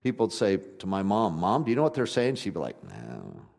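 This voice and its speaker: A man preaching a sermon in a conversational, folksy way, swinging from loud emphatic passages to quiet ones. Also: fairly low pitch, lively intonation, fast talker. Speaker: pastor.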